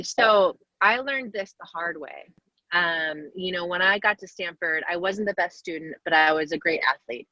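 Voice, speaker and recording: Over a video call, a woman in her forties with a fairly low voice answers young players' questions as a guest athlete. She talks straight to the kids, warm, upbeat, casual and encouraging. There's no room sound in the dull, lo-fi call audio.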